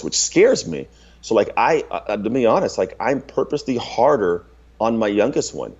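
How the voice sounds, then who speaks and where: Husky, blunt man in candid talk. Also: fairly low pitch, darkish tone, muffled recording. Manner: blunt and emphatic, casual swearing and filler "like". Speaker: guest.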